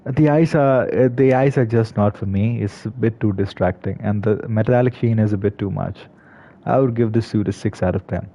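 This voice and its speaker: A gaming video creator offers casual, hesitant commentary on a game, full of fillers and restarts. His voice sits on the low side with a dark tone and normal speed. The lo-fi recording sounds slightly dull.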